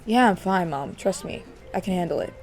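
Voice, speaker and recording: A woman's voice: lowish voice, expressive, a little fast, darkish tone, faint music behind. A woman voicing a tired young man in a life-sim game, brushing off his mother's worries in an offhand way. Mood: tired, reassuring. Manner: offhand, reassuring.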